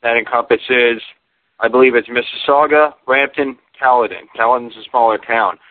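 A man calling in, talking in a rambling, halting way with many fillers. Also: mid-range voice, fairly even intonation. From Canada. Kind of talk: casual call-in chat. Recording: dry tinny phone line.

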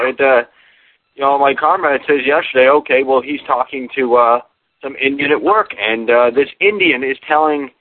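A man calling in, talking in a rambling, halting way with many fillers. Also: mid-range voice, no echo. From Canada. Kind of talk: casual call-in chat. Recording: dry tinny phone line.

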